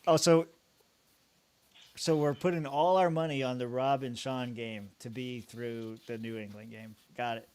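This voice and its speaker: A man's voice: mid-range voice, fairly even intonation, a little slow, darkish tone, clean tone. A young man co-hosting a podcast, rambling casually about his fantasy football team, swearing freely and laughing often. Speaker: podcast co-host.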